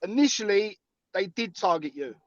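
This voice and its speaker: High-voiced man on a dull dry line. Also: lively intonation, normal speed, dry recording. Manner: hesitant, stumbling restarts. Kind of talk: casual debate, chiming in. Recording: dry, dull lo-fi call audio.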